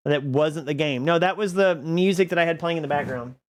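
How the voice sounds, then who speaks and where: A man's voice: fairly high pitch, fairly quick. A man live-streaming a game, chatting casually with viewers in a rambling, self-deprecating way and laughing often. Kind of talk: casual live-stream chat while gaming. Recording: background music under the voice. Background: music playing.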